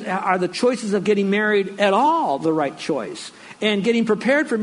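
A man's voice: sits high, poor audio. A man preaching a sermon as pastor, earnest and conversational, with fillers and restarts.

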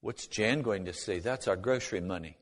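A man's voice: fairly low pitch, brisk. Man telling a testimony in a reverberant hall. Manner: acts out both sides of remembered conversations. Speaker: speaker giving a personal testimony. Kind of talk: spoken testimony storytelling.

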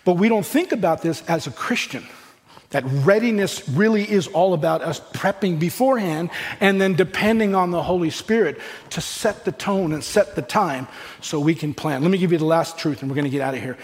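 A man's voice: a little high, brisk. A man, a pastor preaching a sermon in a conversational way, acting out everyday dialogue as he goes. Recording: long hall reverb with faint music.

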